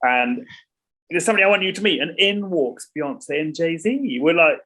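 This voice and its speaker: Middle-aged man, husky, rambling and restarting, casual guest talk. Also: fairly high pitch, lively intonation, moderate pace, pushed and bright, poor audio. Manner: rambling, many restarts and repeats. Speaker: songwriter guest. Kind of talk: casual interview chat.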